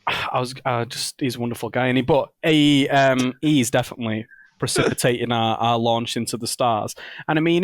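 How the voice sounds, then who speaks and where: Laughing, rambling podcast co-host. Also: male voice, mid-range voice, no room sound. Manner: jokey, laughs often, rambling asides. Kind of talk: casual chat.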